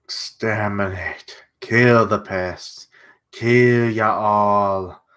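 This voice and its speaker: A man's voice: fairly low pitch, fairly even intonation, extremely slow, fairly bright tone. A man voicing a sadistic, half-dead male villain with a mock German accent, in a dramatic reading of a comic. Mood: menacing.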